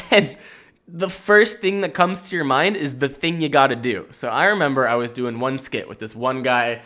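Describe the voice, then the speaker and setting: A man hosting a casual solo podcast, rambling through stories in an animated way, with frequent swearing and laughter. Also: fairly high pitch. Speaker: podcast host.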